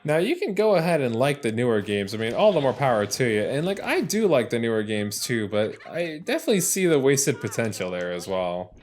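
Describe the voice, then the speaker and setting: Rambling let's-player with a lively voice. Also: mid-range voice, fairly quick, few pauses, slight background noise. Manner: rambling, swears, restarts, exclaims at the game. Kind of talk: casual gameplay commentary.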